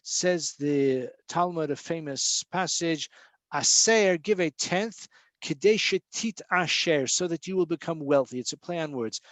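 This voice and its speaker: A man teaching a Torah class in a casual way. He chants Hebrew verses slowly, explains them in English, and fills pauses with many uhs and restarts. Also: fairly high pitch, fairly bright tone, dry recording. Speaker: rabbi teaching Torah portion.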